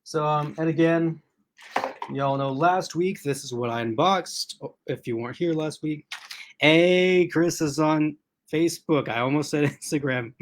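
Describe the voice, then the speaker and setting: With a slightly high voice and an unhurried delivery, a man chats his way through a laid-back livestream unboxing from his laptop at home. He rambles, restarts, uses lots of fillers and laughs often, while a faint hiss or hum runs underneath.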